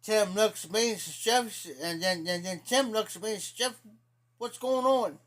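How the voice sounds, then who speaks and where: High-voiced rambling Ohio man. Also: normal speed, fairly bright tone. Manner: rambling, profane, repeats himself. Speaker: live streamer. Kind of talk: casual storytelling to live chat.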